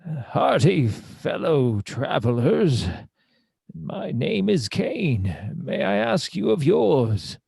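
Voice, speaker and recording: A man voicing a courteous adventurer, with slow, drawn-out, formal speech. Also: a little high, big pitch swings, vocal fry, darkish tone, slightly rough, no echo, studio quality, pitched above the performer's own voice, full character voice.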